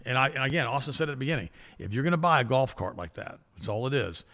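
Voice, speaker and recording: Fast-talking, gravelly middle-aged talk host. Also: male voice, mid-range voice, animated, pushed and bright. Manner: reads news items aloud with sarcastic asides. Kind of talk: opinionated talk show commentary.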